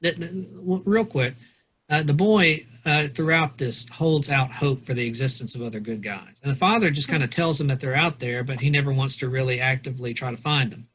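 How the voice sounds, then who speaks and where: Husky man chatting loosely on a podcast. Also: mid-range voice, brisk, a bit bright. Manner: loose, rambling, reads quotes aloud with restarts. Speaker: podcast co-host, pastor or lawyer. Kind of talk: casual book discussion.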